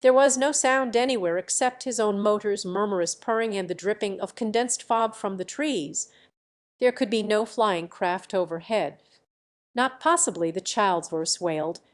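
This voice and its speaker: A woman narrates a novel in a steady, measured storytelling voice. Her pitch sits in an ordinary middle range for a woman. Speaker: audiobook narrator. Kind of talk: scripted narration.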